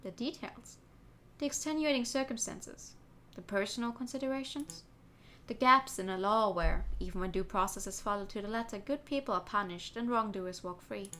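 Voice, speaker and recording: A woman's voice: fairly high pitch, fairly bright tone, slight background noise, lightly acted. Woman reading a reflective bird prosecutor. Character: earnest male bird prosecutor.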